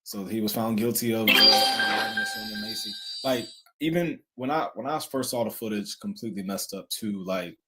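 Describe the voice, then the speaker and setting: A man co-hosting a casual chat, relaxed and jokey. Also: lowish voice, normal speed, noisy background.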